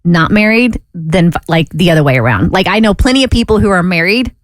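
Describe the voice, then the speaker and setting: A woman's voice: on the low side, animated, brisk, dry recording. A woman co-hosting a radio show, casually chiming in and agreeing.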